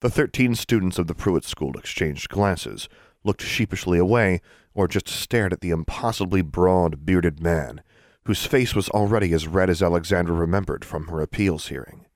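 A man narrating a fantasy audiobook in an expressive storytelling manner. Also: sits low, moderate pace, no room sound, clean studio sound. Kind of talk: scripted narration.

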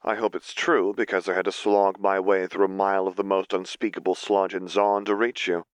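Male narrator as a wary, masked young female mage, flat and blunt delivery, low register, audiobook. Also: fairly quick, dry recording, natural voice. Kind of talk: audiobook character voice.

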